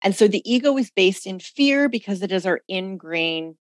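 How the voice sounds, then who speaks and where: A woman's voice: mid-range voice, animated, moderate pace, dry recording. A woman hosting a community call, talking listeners through reflective self-development exercises. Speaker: host leading a women's community call. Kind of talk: coaching talk on a group call.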